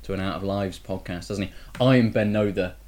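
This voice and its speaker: Brief: male podcast host, fairly deep, loose banter with tag questions. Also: steady tone, fairly quick, darkish tone. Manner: chatty, teasing, leans on tag questions. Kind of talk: casual gaming podcast chat.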